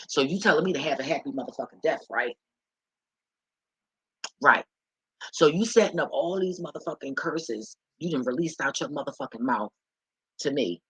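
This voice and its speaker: Husky woman ranting bluntly to camera. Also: low-pitched, a bit bright, no room sound, poor audio. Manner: emphatic, preachy, profane, talks straight to viewer. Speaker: vlogger. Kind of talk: blunt profane advice rant.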